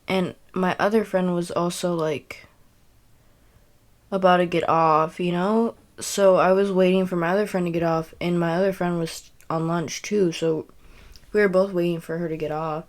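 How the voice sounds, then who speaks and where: A woman's voice: fairly low pitch, unhurried. A young woman telling a personal story in a casual, rambling way, full of fillers and self-corrections. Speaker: podcast host.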